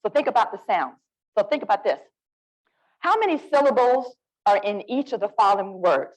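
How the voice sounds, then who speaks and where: A woman with an Alabama Southern accent, leading a lively, interactive literacy workshop and coaxing the audience to join in. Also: medium pitch, moderate pace, poor audio. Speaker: literacy presenter.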